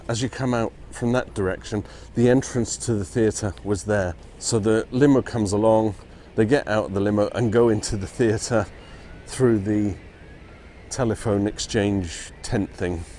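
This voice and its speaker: Chatty man with a low, mellow voice. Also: slight background noise. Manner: chatty, chuckles often. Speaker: vlogger touring film locations. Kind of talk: casual walking vlog narration. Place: outdoors on city streets.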